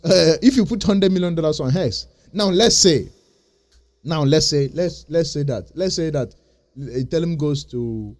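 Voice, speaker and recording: A man's voice: on the high side, darkish tone. A man hosting his own channel, lecturing his viewers in an insistent, repetitive way in a casual vlog. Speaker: crypto channel host. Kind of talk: casual vlog talk to camera.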